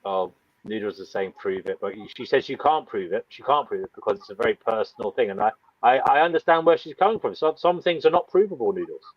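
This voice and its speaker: A man's voice: on the low side, expressive, fast talker, no echo, highs cut off. A man hosting a casual podcast discussion, friendly and moderating between guests. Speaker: host.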